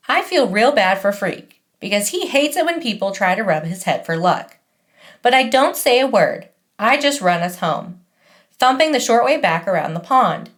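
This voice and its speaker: A woman's voice: medium pitch, a bit bright. A woman reading a first-person audiobook in a wry, conversational manner. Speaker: audiobook narrator.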